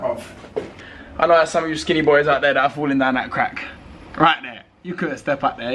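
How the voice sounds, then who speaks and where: Young lad, vlogger, slangy and sweary, fairly high voice, light noise behind. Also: male voice, fairly quick, a bit bright. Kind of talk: casual vlog chat.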